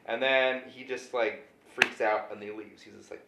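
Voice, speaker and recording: A man's voice: on the low side, steady tone, brisk, hardly any pauses, a little hiss or hum. Drunk man rambling in an echoey room. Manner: loose, rambling, swinging loud and quiet. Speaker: drunk movie recapper. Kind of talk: rambling comedic film recap.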